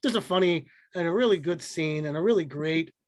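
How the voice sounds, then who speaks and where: A man co-hosting a casual podcast, with a fairly high voice and a dry, close sound. He rambles and swears, restarting his sentences and filling pauses with ums and uhs. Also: dry recording. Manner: rambling, profane, frequent restarts and fillers. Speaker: podcast co-host.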